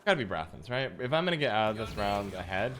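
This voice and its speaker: A man's voice: on the low side, very animated, fast, a bit bright, soft background music. Chatty man streaming a card game. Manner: chatty, musing, self-deprecating. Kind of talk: casual livestream chat while gaming.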